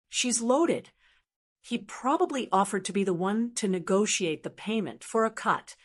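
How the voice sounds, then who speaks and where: A middle-aged woman narrating a first-person family story in an earnest, deliberate way. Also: mid-range voice.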